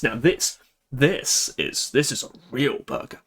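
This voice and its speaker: A young man chatting on a live stream, excitable, giggly and stammering as he talks. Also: mid-range voice, slow, slightly rough. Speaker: VTuber streamer. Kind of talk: casual live-stream chat.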